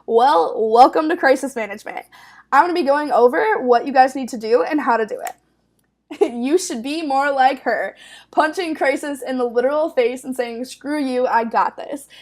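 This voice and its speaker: A young woman in her twenties leads a training webinar in an upbeat, casual way, her high voice sitting well above most women's. She talks loosely, leaning on fillers and breaking into quick laughs as she explains. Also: expressive, darkish tone. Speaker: network manager presenting a training webinar.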